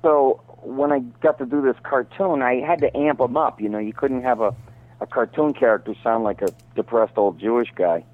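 Man on a tinny phone line. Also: medium pitch. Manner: rambling storyteller, drops into quick impressions. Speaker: voice actor guest. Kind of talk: casual phone interview.

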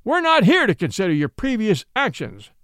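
A man's voice: high voice, huge pitch swings, normal speed, no room sound, clean studio sound, exaggerated voice. A roaring, bullying judge, as a male reader puts him on. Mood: bellowing. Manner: roaring, fierce and scolding. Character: blustering, bullying male small-town judge.

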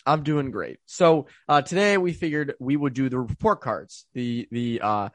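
A man's voice: mid-range voice, normal speed, no echo. A young man co-hosting a sports podcast, talking loosely with plenty of fillers and restarts. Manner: loose and rambling, many fillers. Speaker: podcast co-host. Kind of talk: casual sports chat.

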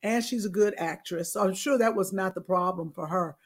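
A woman's voice: medium pitch, fairly quick, husky. Easygoing woman co-host chatting. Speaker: podcast co-host. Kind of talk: casual chat.

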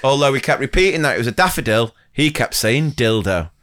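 A young man co-hosts a casual teachers' podcast, reading listener stories aloud and laughing as he goes. His voice is smooth and resonant, and his pitch rises and falls in a lively way. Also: fairly quick.

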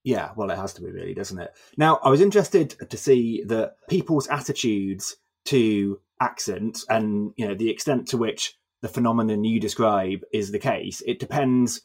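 A male podcast host with a lowish voice puts questions to his guest in a relaxed, conversational way. He hesitates and rephrases as he goes. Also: normal speed, breathy edge. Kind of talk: podcast interview.

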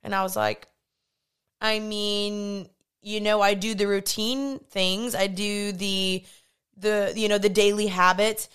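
In a slow, smooth, mid-range voice, a young woman recounts a personal experience on her faith-based podcast. Her storytelling is frank, conversational and animated, with quotes acted out.

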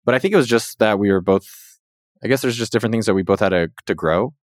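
Man, thirties, casual podcast talk, rapid, lively retelling, dry studio sound. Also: no echo. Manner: animated storytelling, jumps up in pitch when quoting. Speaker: podcast host.

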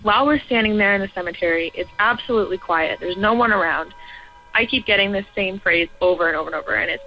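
A woman in her twenties, calling in to tell her own ghost story in an earnest, halting way with trailing restarts. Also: mid-range voice. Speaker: caller sharing a ghost story. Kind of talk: personal paranormal story told to a radio show. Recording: muffled lo-fi audio with faint music.

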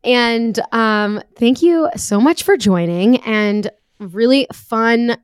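A woman's voice: a little high, slow, smooth, no echo, studio quality. A woman hosting a podcast in casual chat, giving short agreeing replies. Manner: brief agreeing replies, laughs easily. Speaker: podcast host.

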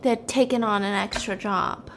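A woman's voice: medium pitch, steady tone, moderate pace, a little hiss or hum. A young woman hosting a casual chat, animatedly retelling a story while baking. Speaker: host.

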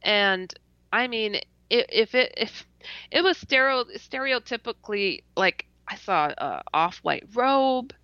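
A woman telling a personal story in a casual interview, animated and laughing often, stuttering and restarting as she goes. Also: a little high, slow, no echo. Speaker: interview guest. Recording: dull lo-fi dry recording.

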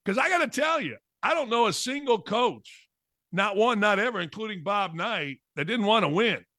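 Brash, high-voiced male sports talk host. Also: pushed and bright, no echo, studio quality. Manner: brash, sarcastic, blunt. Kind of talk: opinionated sports talk monologue.

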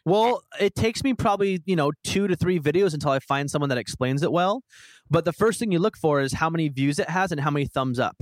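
A man's voice: fairly high pitch, animated, brisk, no echo. A young man co-hosting a podcast, telling a rambling story in earnest, casual chat. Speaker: podcast co-host.

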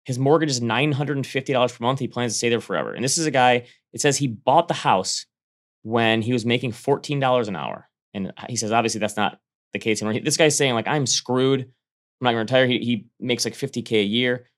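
A man co-hosting a casual finance podcast, animated and quick, often restarting his sentences. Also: mid-range voice. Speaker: podcast co-host.

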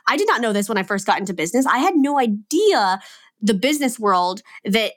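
A woman's voice: a little high, big pitch swings, a little fast, a bit bright. Chatty young woman co-host, lots of "like". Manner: rambling, heavy with "like" fillers. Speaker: podcast co-host. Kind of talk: casual chat.

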